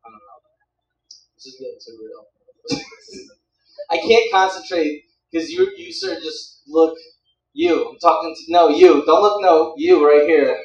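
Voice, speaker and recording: A man's voice: on the high side, sing-song, unhurried, darkish tone, lo-fi sound, slight background noise. A young man doing stand-up comedy on a club stage, rambling and teasing the crowd on a handheld mic. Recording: roomy club sound from a distance.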